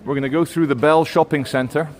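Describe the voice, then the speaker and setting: A travel vlogger with a fairly high, steady voice talks fairly quickly to camera as he walks around and tries food, chatty and rambling with lots of fillers. He moves from an indoor shopping centre to an outdoor bench, with faint background noise.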